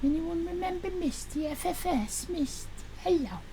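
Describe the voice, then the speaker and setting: Brief: a woman as a sassy Irish sixteen-year-old, crude and rambling, very high and gravelly. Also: lively intonation, normal speed, dark tone, slight background noise. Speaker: streamer. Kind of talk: live stream in character.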